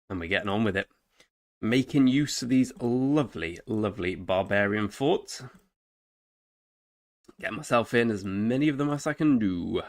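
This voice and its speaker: A man's voice: on the low side, animated, normal speed, long pauses, dry recording, clean studio sound. Chatty man narrating his game. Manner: chatty, talks to himself and viewers, frequent exclamations. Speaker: game streamer. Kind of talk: casual gameplay commentary.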